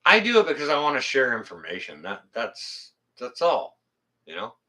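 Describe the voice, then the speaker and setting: Man, channel host, blunt and profane. Very bright, cutting tone at a middling pitch. Loose, rambling livestream chat. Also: wildly swooping pitch, normal speed. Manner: blunt, plain-spoken, swears freely; rambling, self-correcting delivery. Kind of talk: casual livestream chat reading viewer comments.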